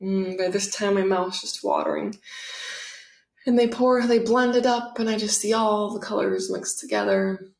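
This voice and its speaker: A woman narrating a guided visualization, soft and dreamy, full of eager delight. Her voice sits at a middle pitch and is recorded with a noticeable roomy echo. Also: big pitch swings, moderate pace, gravelly.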